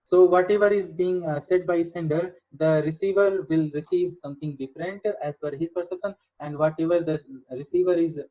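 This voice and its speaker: A man giving a recorded engineering lecture, in a halting way with many fillers. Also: on the high side, steady tone. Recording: dull lo-fi lecture audio.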